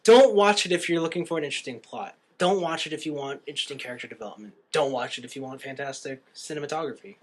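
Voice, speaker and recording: A man's voice: fairly high pitch, quick pace, hardly any pauses, slight background noise. A young man co-hosting a podcast, casually recapping a film and acting out the characters' lines. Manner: animated storyteller, acts out quotes. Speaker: podcast co-host.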